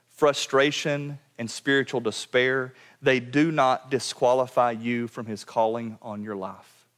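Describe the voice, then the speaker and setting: A man preaching a sermon to his church, earnest and direct, often dropping to a quiet low voice to drive a point home. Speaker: pastor. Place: church sanctuary.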